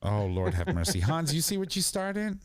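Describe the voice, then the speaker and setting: A man's voice: on the high side, very animated, moderate pace, noisy background. A man hosting a podcast, playful and teasing, often restarting his sentences. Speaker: podcast host. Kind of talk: casual podcast chat.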